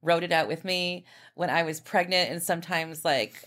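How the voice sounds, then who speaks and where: A woman with a somewhat low voice chats effusively as a podcast guest. Her speech is filled with fillers and asides. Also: normal speed, a bit bright, slight background noise. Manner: chatty and effusive, many fillers. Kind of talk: casual chat.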